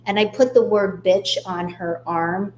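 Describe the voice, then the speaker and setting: A woman guest on a radio interview, telling her life story in a candid, steady way. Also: mid-range voice, a little slow, a little hiss or hum. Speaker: guest author.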